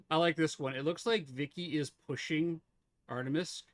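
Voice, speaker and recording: A man's voice: fairly high pitch, moderate pace, no room sound. A man streaming a game live, chatting casually with viewers, teasing them and laughing often.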